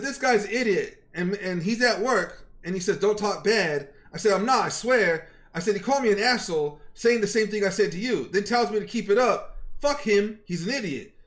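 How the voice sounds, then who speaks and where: A young man with a high-pitched voice rants to his stream, heated and profane. He retells a fight line by line, quoting the other side, his pitch jumping up when he gets worked up. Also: fairly bright tone. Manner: heated, profane, retelling arguments with quoted back-and-forth. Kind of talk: angry ranting story to stream chat.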